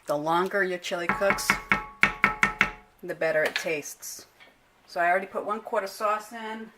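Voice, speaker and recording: A woman's voice: medium pitch, measured pace, very noisy. A middle-aged woman talking through a home cooking demonstration in a casual, unpolished way, often stopping to correct herself. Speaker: home cook vlogger. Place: home kitchen. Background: clinking pots, pans and cutlery.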